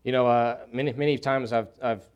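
Male pastor delivering a sermon; dynamic, moves between quiet gravity and loud fervor, repeats key lines. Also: fairly even intonation, fairly quick, clear, resonant tone, lo-fi sound. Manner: swings from hushed, grave lows to loud, fervent emphasis; repeats key phrases for emphasis.

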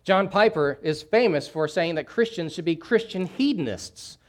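A man preaching a sermon, swinging from hushed, grave lows to loud, fervent emphasis and repeating key phrases. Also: lively intonation, moderate pace. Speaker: pastor.

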